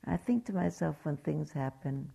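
A woman's voice: sits low, expressive, moderate pace, gravelly, slightly rough. A woman meditation teacher giving a dharma talk, telling stories in an anecdotal way and acting out quotes. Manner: warm anecdotal storytelling, acts out quotes.

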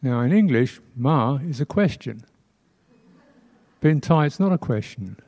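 This male Buddhist teacher's dharma talk in a temple hall comes in an animated, mid-range voice that is mellow and warm. Unhurried and reflective, he pauses frequently, laughs quietly, and occasionally mimics speech sounds for fun.

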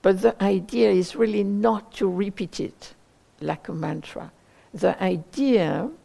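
A woman meditation teacher giving a dharma talk, searching for words slowly with many pauses and hedges. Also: medium pitch, gravelly, warm tone.

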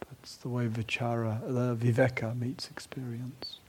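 A man giving a gentle, unhurried meditation talk at a retreat, now and then dropping to a soft whisper. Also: medium pitch, fairly even intonation, a little hiss or hum. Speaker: meditation teacher.

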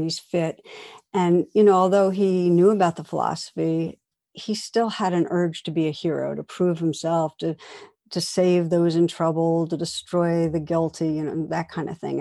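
Woman meditation teacher, low mellow voice, soft reflective storytelling. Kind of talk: dharma talk. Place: meditation hall.

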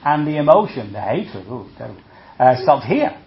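A Buddhist monk gives a conversational dharma talk at normal speed, his medium-pitched voice coming through dull audio. He checks in with listeners using "see?" and "okay?" and stays lively, acting out reactions with humor.

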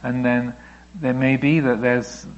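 A man, a Buddhist teacher, answering questions in a reflective, gently explaining way, now and then voicing thoughts aloud. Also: mid-range voice, fairly even intonation, slow, muffled recording. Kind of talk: dharma talk Q&A.

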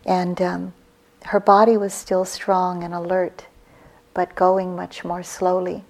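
A woman in her sixties, a meditation teacher giving a gentle, reflective dharma talk on retreat, her phrases trailing off softly. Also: fairly low pitch, monotone. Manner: slow, gentle, reflective storytelling with soft breathy trailing phrases.

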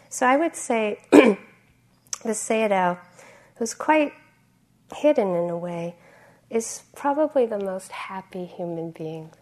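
A woman meditation teacher speaks in an easygoing, conversational way during a dharma talk. She pauses with fillers and clears her throat often. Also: on the low side, darkish tone.

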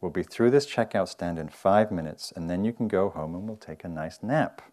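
A man voicing a patient, calm young mother shopping, speaking in a quiet and soothing way. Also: low voice, normal speed, natural voice.

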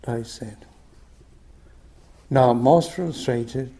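Soft-spoken older man, slow dharma talk. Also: on the high side, big pitch swings. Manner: soft, unhurried, phrase ends dropping to a whisper. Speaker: meditation teacher. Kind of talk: dharma talk, reading a story aloud.

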